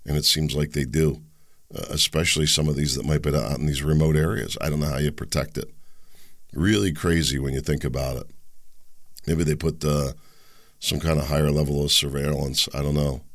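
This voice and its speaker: A man with a low, gravelly voice delivers a solo political commentary. He rambles and speaks with sarcasm, stopping to mock the people he talks about. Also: steady tone, fairly quick. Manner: rambling, sarcastic, mocks others in high sneering voices.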